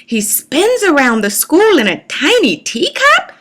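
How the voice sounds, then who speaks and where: A woman voicing an excitable young male Siamese kitten for a storybook, high and squealing. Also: measured pace, exaggerated voice. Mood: eager.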